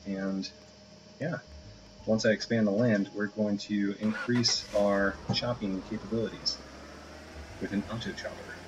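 Low-voiced man chatting over a game. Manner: rambling, chatty, playful. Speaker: game video host. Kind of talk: casual let's play commentary. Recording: dull lo-fi audio with hiss.

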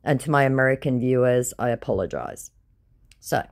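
A woman's voice: rumbling low, moderate pace. A woman with an Australian accent, bluntly and sarcastically reading out and commenting on chat messages. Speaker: scambaiter sharing chats. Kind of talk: reading chats aloud with commentary.

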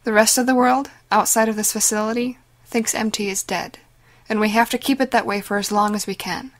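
A woman voicing a calm, firm, caring aunt explaining hard news. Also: a little high, fairly quick, close to an everyday voice.

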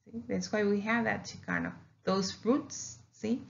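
A woman's voice: mid-range voice, measured pace, gravelly, fairly bright tone, highs cut off. A woman teaching a recorded Spanish lesson, patiently repeating words for emphasis. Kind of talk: recorded slideshow lecture.

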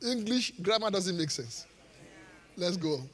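A man preaching a live sermon in church, joking with the congregation and pausing for it to finish Bible verses. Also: sits high, animated, fairly bright tone. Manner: call-and-response, leaves gaps for the congregation to finish verses; jokes and laughs with the congregation. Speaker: pastor. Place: church auditorium. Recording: live church hall reverb.

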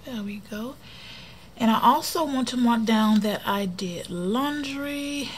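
A woman chatting casually while decorating her planner for a vlog, often dropping to a soft near-whisper. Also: on the high side, slow pace, slight background noise. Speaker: planner vlogger.

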